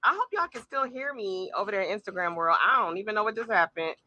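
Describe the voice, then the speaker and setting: A middle-aged woman hosting a live-streamed motivational talk from a small room at home, animated and speaking straight to her audience with frequent asides. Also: medium pitch, fast talker, no room sound, dull audio. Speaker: podcast host. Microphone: phone or camera on a tripod.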